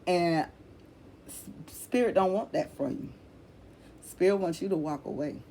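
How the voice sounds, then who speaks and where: A woman's voice: fairly low pitch, a little slow, warm tone, slight background noise. A woman giving a casual tarot reading, blunt and emphatic, swearing freely, repeating herself and calling the listener honey. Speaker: tarot reader.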